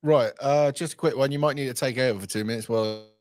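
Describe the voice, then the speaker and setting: A man's voice: mid-range voice, fast, a little mellow. A man hosting a casual live stream, loosely rambling through a joke.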